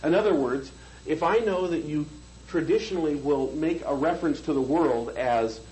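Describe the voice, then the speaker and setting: A man's voice: fairly high pitch, normal speed, a little mellow, a little hiss or hum, low-quality recording. A man teaching a hypnosis seminar, lecturing conversationally and checking in with the room. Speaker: hypnosis trainer.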